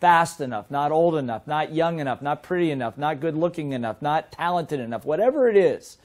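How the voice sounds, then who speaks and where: A middle-aged man teaching a seminar as a business trainer, in a lively way that keeps asking the audience questions. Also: on the high side, fairly quick. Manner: lively, asks the audience many rhetorical questions.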